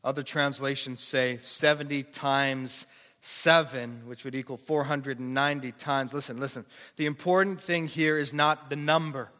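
A male pastor preaching a sermon, emphatic and repetitive, swinging from quiet to passionate. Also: mid-range voice, steady tone, moderate pace. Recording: echoey hall reverb.

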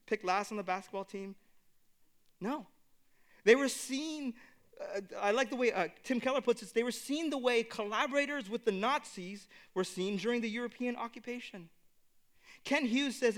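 A man preaching a sermon, earnest, moving between hushed reflection and emphatic exhortation. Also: high voice, moderate pace. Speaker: pastor.

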